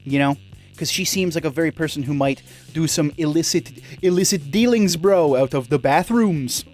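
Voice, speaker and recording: A woman's voice: deep voice, normal speed, darkish tone, faint music behind. A woman hosting a let's play, who talks casually and jokes about the game. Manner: joking, casual, chatty. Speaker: gaming video host.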